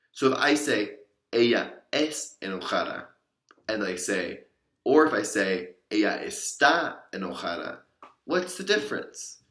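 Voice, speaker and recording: Young male teacher, low voice, patient and explanatory, recorded in a roomy space. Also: sharp tone. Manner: explanatory, patient, gives examples and asks listener to repeat. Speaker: Spanish teacher. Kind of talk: spoken language lesson.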